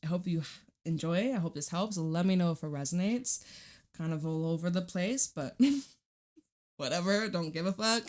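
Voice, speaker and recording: Woman, tarot reader, fairly low voice, casual chatty reassurance, scattered and blunt. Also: normal speed, a little mellow. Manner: chatty and reassuring, swears casually, jumps between topics. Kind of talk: casual tarot reading to camera.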